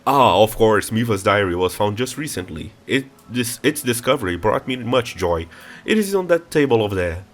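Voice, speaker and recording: A man with a stuffy nose voicing a gentle, regal old fish-folk king in a game playthrough. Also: on the low side, big pitch swings, moderate pace. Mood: gracious.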